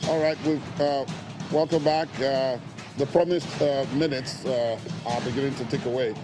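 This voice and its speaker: A man hosting a TV studio interview, stammering and halting with many fillers. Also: mid-range voice, steady tone, over loud music. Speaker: TV host.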